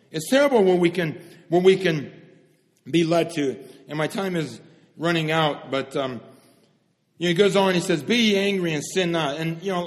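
Male preacher, fairly high voice, fervent sermon delivery, long hall reverb. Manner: fervent, swings from loud emphatic stresses to hushed, solemn lows.

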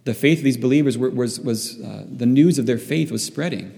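A man's voice: mid-range voice, fairly quick, gravelly, mellow. A man preaching a sermon to his church. He halts often and repeats words while he searches for the right phrasing. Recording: long reverb in a hall.

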